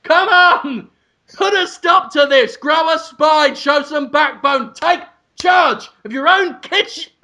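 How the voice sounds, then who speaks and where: A man doing a comic impression of a furious, foul-mouthed celebrity TV chef, ranting and yelling insults. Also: very high-pitched, lively intonation, moderate pace, pitched above the performer's own voice, full character voice.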